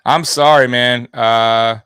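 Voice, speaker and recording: A young man hosting a live sports stream, talking straight to his viewers in an animated, repetitive way with plenty of swearing. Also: mid-range voice, slow, smooth, no echo. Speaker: sports livestream host. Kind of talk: live postgame commentary to viewers.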